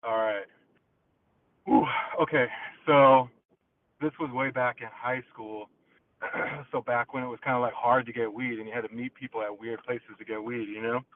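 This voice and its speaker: A man's voice: medium pitch, normal speed. Profane male caller on a tinny phone line. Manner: profane, excitable, acts out quotes. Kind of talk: casual storytelling over a phone call. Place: in a car, driving.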